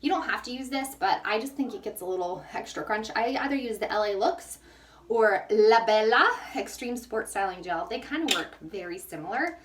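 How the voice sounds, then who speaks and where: Young woman, casual tutorial vlogger, chatty and self-deprecating, slightly breathless, fairly high voice, recorded off-mic in an echoey bathroom. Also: lively intonation, moderate pace, recorded from a distance, a little hiss or hum. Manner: chatty and self-mocking, laughs often. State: out of breath from the heat. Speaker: hair care vlogger. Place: hot bathroom.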